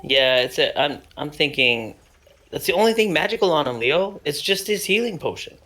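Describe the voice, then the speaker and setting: A man's voice: on the high side, big pitch swings, normal speed, pushed and bright. A man playing a tabletop game, thinking aloud hesitantly and asking the game master questions. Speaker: player.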